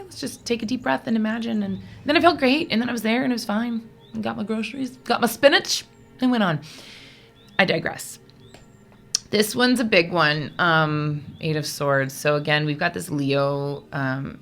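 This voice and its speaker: Woman tarot reader, low-ish voice with a bright edge; chatty, digressive, emotional, reading casually to viewers. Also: unhurried, vocal fry, faint music behind. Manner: chatty, rambling, digressive with many fillers; emotional, easily moved.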